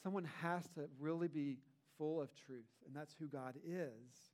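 A man's voice: a little high, a little slow, darkish tone. A man, a pastor, preaching a sermon in a conversational way, with rhetorical asides to the congregation.

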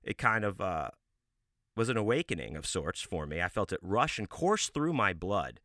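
Bright-voiced man, deadpan comic podcaster. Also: deep voice, normal speed, no room sound, clean studio sound. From United States. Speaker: podcast host. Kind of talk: comic storytelling monologue.

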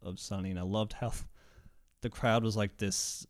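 A man hosting a podcast, chatting casually about a film and acting out its scenes with lively voices. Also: fairly low pitch, unhurried. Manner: animated, acts out scenes in voices. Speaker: podcast host. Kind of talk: casual movie chat.

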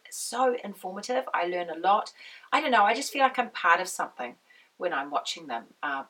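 A woman with a slightly low, croaky voice chats to her viewers. She rambles easily and drifts into tangents. She sits a little way back from the microphone. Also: fairly bright tone, far from the mic, rough recording. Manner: chatty, rambling, goes off on tangents. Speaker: knitting podcast host. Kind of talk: casual chat to camera.

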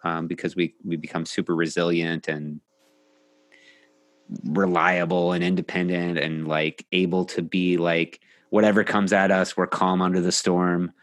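A middle-aged man, a coach hosting a casual podcast conversation, talking in a reflective, measured way with many pauses. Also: sits low, level tone. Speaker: coach and host.

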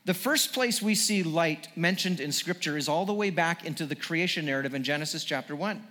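A man's voice: fairly high pitch, a little fast, pushed and bright, in a large hall. A male pastor preaching a sermon to a congregation, earnest, with frequent restarts as he builds toward each point.

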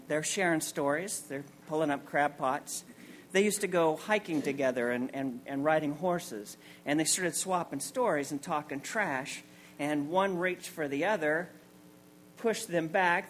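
A man's voice: on the high side, normal speed, fairly bright tone, a little hiss or hum. A man in his forties telling a comic, self-mocking personal story on stage at a story night, acting out the people in it. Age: 40s.

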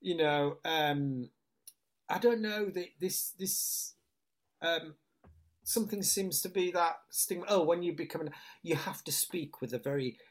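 Chatty northern English storyteller with a Hull accent. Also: male voice, a little high, unhurried. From Hull, England. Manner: chatty storyteller who breaks into lively impressions, with many restarts. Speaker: actor, interview guest. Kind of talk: casual anecdotal chat.

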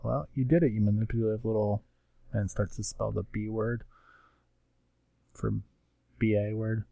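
Lower-voiced man rambling through a comic recap. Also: steady tone, normal speed, creaky, warm tone, no echo. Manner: rambling recap with acted-out quotes and many fillers. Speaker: comics podcast co-host. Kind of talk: casual chat.

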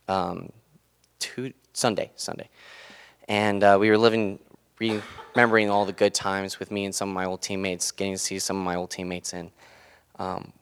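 A man's voice: low voice, fairly bright tone. A young man in his twenties giving an earnest, casual sermon talk, loose and full of fillers. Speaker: student speaker giving a devotional.

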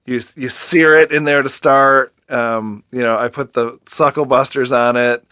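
A man's voice: mid-range voice, fairly even intonation, unhurried, pushed and bright, clear, resonant tone, no echo, studio quality. A man co-hosting a podcast, making easygoing, enthusiastic recommendations in casual chat. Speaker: podcast co-host.

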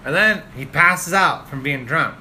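Man, podcast co-host, crude and animated storyteller, bright edge to the voice. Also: on the high side, measured pace, slight background noise. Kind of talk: casual podcast chat.

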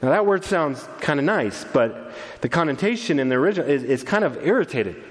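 Animated male pastor in a reverberant hall. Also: a little high, a little fast. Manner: animated, acts out quoted voices. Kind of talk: sermon.

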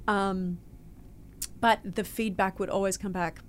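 A woman's voice: medium pitch, fairly even intonation, measured pace, a little hiss or hum. An Australian woman in a casual interview, telling her story expressively with big swings in emphasis. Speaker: guest actor.

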